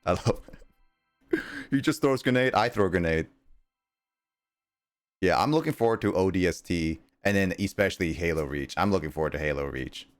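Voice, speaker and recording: A man's voice: low-pitched, animated, moderate pace, pauses often, dry recording, faint music behind. A young man streaming a game, chatting casually with viewers in a rambling way and laughing often. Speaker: gaming livestreamer. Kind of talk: casual livestream chat with viewers.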